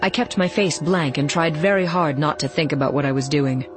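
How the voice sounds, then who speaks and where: A woman reading a first-person novel aloud in a steady, even storytelling voice. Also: low voice, a little fast, over music. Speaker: audiobook narrator.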